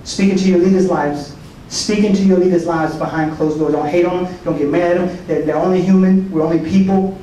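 A man's voice: high-pitched, steady tone, fairly quick, dark tone. A man giving a folksy, preacherly talk at a prayer breakfast, joking with the audience and acting out quoted voices. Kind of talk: sermon. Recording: echoey hall from far off, faint noise.

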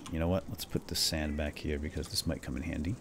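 A man hosting a let's play video, commenting on a boss fight with excited exclamations. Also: rumbling low, quick pace, gravelly, noisy background. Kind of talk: gameplay commentary.

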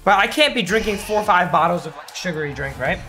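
A hoarse man streaming a game, giving hyped, trash-talking live commentary to his chat. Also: high voice, animated, quick pace, bright, forceful tone, soft background music.

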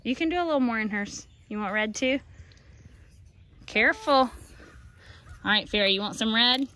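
A woman's voice: fairly high pitch, moderate pace, bright, forceful tone. A woman art teacher demonstrating a craft project outdoors, giving patient, coaxing instructions to young children.

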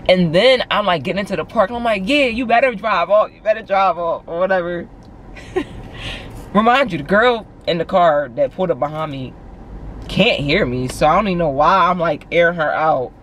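A woman's voice: on the low side, moderate pace, slight background noise. Chatty young Philadelphia woman vlogging. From Philadelphia, USA. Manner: animated, chatty, heavy use of "like". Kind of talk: casual vlog storytelling.

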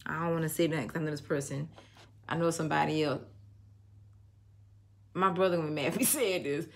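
A woman's voice: low-pitched, fairly even intonation, brisk. A middle-aged woman giving a casual tarot reading, blunt and emphatic, telling stories and swearing freely. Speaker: tarot reader.

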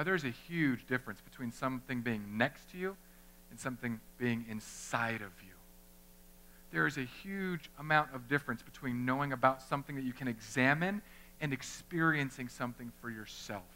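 A young male pastor preaches in an animated, conversational way, often slipping into the voices of people he quotes. His voice sits fairly high and rings very bright and forceful. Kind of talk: sermon. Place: church chapel.

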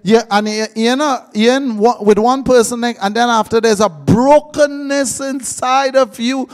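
High-voiced preacher. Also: male voice, normal speed, clean tone. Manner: lively, joking, quizzing the congregation. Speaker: pastor. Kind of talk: live sermon.

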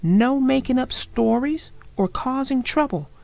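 A plucky little tank engine who speaks firmly and straight to the point, voiced by a woman reading aloud. The storybook voice swings widely in pitch and keeps a slow pace. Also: animated, creaky, dry recording, exaggerated voice. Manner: firm, sometimes cries out high and loud. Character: cheerful young male tank engine, firm but friendly.

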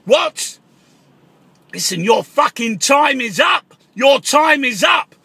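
Cabbie yelling down the phone, super high sharp voice, swearing nonstop. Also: male voice, very animated, slow pace, creaky, breathy edge, dry recording. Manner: shouting, swearing, paranoid outbursts. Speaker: taxi driver and artist. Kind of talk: comic ranting phone call.

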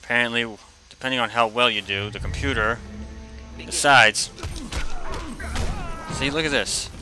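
A man's voice: medium pitch, measured pace, sharp tone, faint music behind. A young man giving casual commentary while playing a fighting game, trash-talking the opponent and grumbling in frustration.

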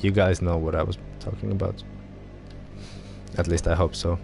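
With racing game sounds and loud engine noise in the background, along with music, a man streams his gameplay and talks at a normal speed. His low, creaky voice holds a level tone as he makes wry jokes at his own expense and swears freely.

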